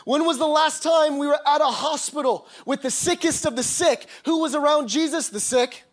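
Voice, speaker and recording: High-voiced male preacher. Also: moderate pace. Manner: reads scripture aloud, then preaches with emphatic, rising passages. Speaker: pastor. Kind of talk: sermon.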